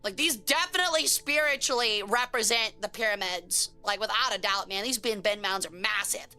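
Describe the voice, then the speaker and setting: Woman streamer, casual live-stream chat, slangy and joking, bright forceful voice, smooth clear tone, faint music underneath. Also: medium pitch, normal speed.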